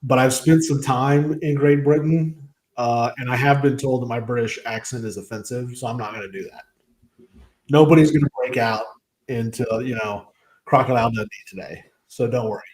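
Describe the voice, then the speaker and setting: A man's voice: medium pitch, normal speed, a little mellow, slight background noise, low-quality recording. A man, co-hosting a talk show and explaining step by step in a casual way. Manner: explains history step by step, acts out dialogue. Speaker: co-host.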